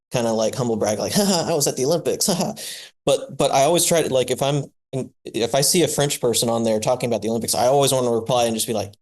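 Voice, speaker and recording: A man co-hosting a podcast in casual, excitable chat. His speech is full of fillers, restarts and bursts of laughter, at a mid-range pitch. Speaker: podcast co-host.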